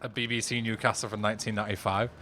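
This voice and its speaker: A young man with a low voice, chatting with his live-stream audience in a laid-back, wry way. Video game sounds run faintly underneath him. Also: little pitch movement, racing, bright, forceful tone. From England. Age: young adult. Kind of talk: casual live-stream chat, reading and answering viewers. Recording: game noise in the background.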